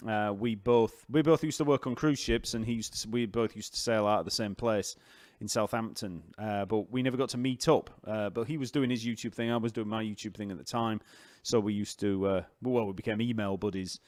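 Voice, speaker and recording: A man with a Yorkshire accent, a bass teacher chatting casually on a live stream, rambling and reading out viewer comments. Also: brisk, few pauses, a little mellow, dry recording, clean studio sound. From Yorkshire, northern England.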